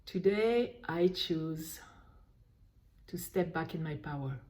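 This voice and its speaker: A woman leading a guided tapping session, slowly voicing frustration in short repeated phrases while naming tapping points. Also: deep voice, lively intonation, a little mellow. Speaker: EFT tapping coach.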